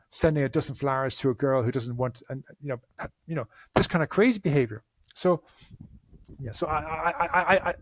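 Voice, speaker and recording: A man speaks as a therapist on a podcast. His voice sits at an ordinary middle pitch, and his delivery is earnest. He often restarts his sentences with repeated words. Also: dry recording. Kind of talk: conversational interview answers.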